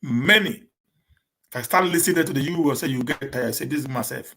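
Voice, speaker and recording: A man with a Nigerian accent chats casually with viewers on a live Q&A stream. He drops in Pidgin English, stammers and restarts his words, and rushes ahead on purpose so he does not get stuck. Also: on the high side, pushed and bright, a little hiss or hum. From Edo State, Nigeria. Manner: talks fast on purpose to avoid getting stuck.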